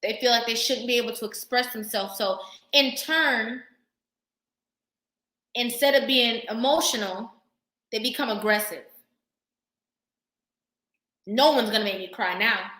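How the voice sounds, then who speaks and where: A woman vlogger talking casually to camera, sassy and animated, laughing often. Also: a little high, measured pace, pauses often, roomy sound.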